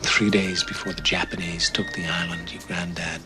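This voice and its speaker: An actor playing an older army captain who tells a child a slow, measured war story in a film monologue. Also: male voice, sits low, flat delivery, close to an everyday voice. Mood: solemn. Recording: film audio with music underneath.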